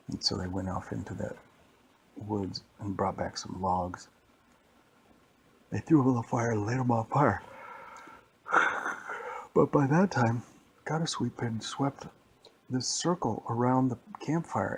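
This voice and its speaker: A man's voice: mid-range voice, a little slow, creaky, long pauses, a little hiss or hum. A man casually telling a made-up story, rambling and repeating himself as he goes. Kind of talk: improvised bedtime-style storytelling.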